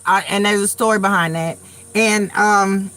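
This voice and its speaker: A middle-aged New York woman hosts a live tarot stream, chatting loosely in a medium-pitched, fairly bright voice with a steady tone at normal speed. A chatty storyteller, she's blunt, swears some, and repeats herself.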